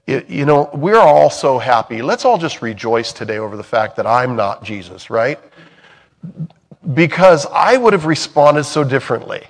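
A man preaching a sermon in a conversational way, swinging from loud emphatic bursts to soft, hushed lines. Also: mid-range voice.

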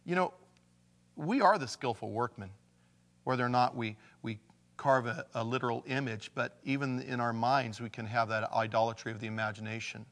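A man's voice: medium pitch, fairly even intonation, moderate pace, a bit bright. Man preaching in a reverberant hall. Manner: conversational preaching, reads scripture aloud with emphasis. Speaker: pastor. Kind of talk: sermon.

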